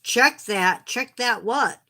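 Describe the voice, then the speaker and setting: A woman's voice: on the high side, expressive, slow, bright, forceful tone. A woman streamer with a slightly sore voice, chatting casually and self-deprecatingly with viewers. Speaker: game streamer.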